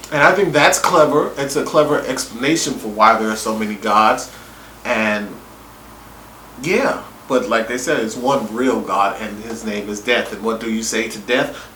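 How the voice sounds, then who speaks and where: A man casually reviewing a TV episode, excitable and profane with big swings in his voice. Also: mid-range voice, slight background noise. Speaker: TV review vlogger. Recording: roomy room echo.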